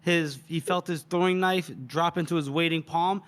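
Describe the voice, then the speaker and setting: A man's voice: fairly high pitch, fairly even intonation, normal speed, clear, resonant tone. A man co-hosting a book podcast, retelling scenes in casual chat and acting out the characters' lines. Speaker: podcast co-host.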